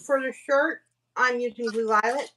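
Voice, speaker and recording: A woman teaching tie-dye on a livestream, explaining each step in a steady way with small fillers. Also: fairly high pitch, moderate pace. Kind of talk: livestream craft demo chat.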